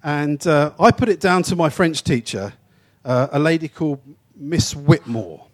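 Man preaching in a chatty, stumbling way. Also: a little high. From England. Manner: informal and anecdotal, with repeated restarts and stumbles; shifts between quick asides and slow, emphatic phrases. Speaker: traveling preacher. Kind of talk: conversational sermon teaching.

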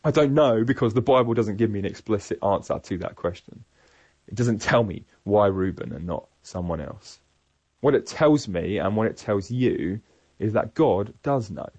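A man giving a sermon-style Bible teaching in an earnest, measured, reflective way. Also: fairly low pitch, expressive, a little mellow, breathy edge, no echo. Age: adult parent. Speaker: preacher.

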